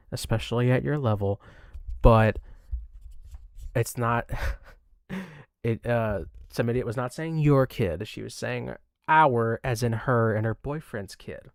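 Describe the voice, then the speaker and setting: A man's voice: mid-range voice, slow pace, no room sound. A man with a mid-range voice picks apart someone else's words in sarcastic, swearing commentary. His delivery is mocking and exasperated. The sound is dry, with no room around it. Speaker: commentary streamer. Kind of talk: reaction commentary.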